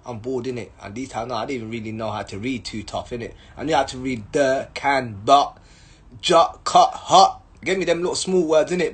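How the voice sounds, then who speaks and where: A man's voice: mid-range voice, breathy edge. A young man, animatedly telling a story, full of slang, acted-out voices and sound effects.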